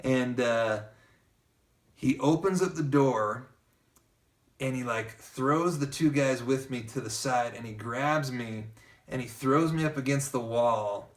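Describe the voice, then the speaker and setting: A man's voice: medium pitch, slow pace, distant mic. A man telling a personal story in casual conversation, acting out what other people said along the way. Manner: lively narrator who keeps acting out quoted dialogue.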